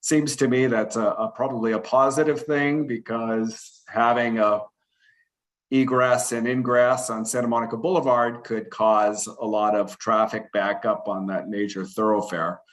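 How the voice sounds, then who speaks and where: A man's voice: lowish voice, fairly even intonation, measured pace. A man commissioner giving comments at a public meeting, speaking hesitantly with stammered restarts. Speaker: planning commissioner.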